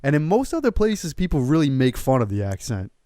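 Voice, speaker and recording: A man's voice: medium pitch, wildly swooping pitch, a little fast, warm tone, no room sound, clean studio sound. A man with a New York accent co-hosting a fitness podcast, laid-back and joking in casual chat. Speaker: podcast co-host.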